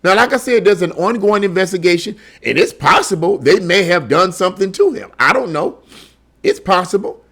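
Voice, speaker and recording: A man's voice: high voice, expressive, moderate pace, a bit bright. Indignant man with a raised voice. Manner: heated and indignant, with many repeated words and rhetorical questions. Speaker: online political commentator. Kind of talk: commentary monologue reacting to a news article.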